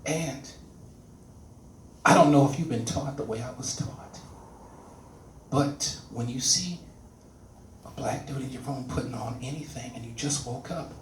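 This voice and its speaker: A man with a mid-range voice delivers a stand-up comedy set on a comedy club stage at a measured pace, pausing often. He tells an animated story and acts out its characters, and the distant live-venue mic sounds roomy, with a little hiss or hum.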